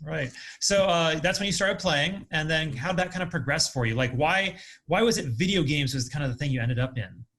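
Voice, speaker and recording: A male podcast host who talks quickly and cheerfully as he leads the interview. His voice sits a little higher than most men's. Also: fairly bright tone. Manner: upbeat and quick, says he talks fast. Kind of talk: casual interview.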